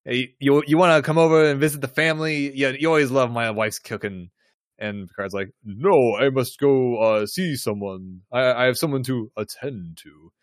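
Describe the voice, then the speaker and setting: A man co-hosts a podcast and recaps an episode in a relaxed way. He talks at a middle pitch, and he laughs often. The recording is dry, with no room sound. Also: normal speed, no room sound. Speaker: podcast co-host. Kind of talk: casual chat.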